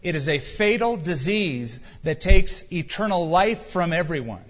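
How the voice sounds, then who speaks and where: A man's voice: fairly high pitch, lively intonation, measured pace. A male pastor preaching a sermon emphatically, full of rhetorical questions, in a dull recording with long hall reverb.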